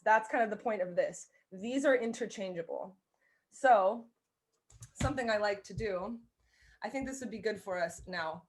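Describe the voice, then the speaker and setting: A woman teaching a live online fiddle lesson. She explains bowing step by step in an encouraging way and sings out the rhythms. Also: mid-range voice. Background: violin playing.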